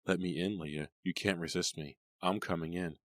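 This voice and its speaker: A man voicing a ghost girl who whispers softly and slowly with cold menace. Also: deep voice, steady tone, no room sound, close to an everyday voice. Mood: menacing. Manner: soft, slow menacing whisper.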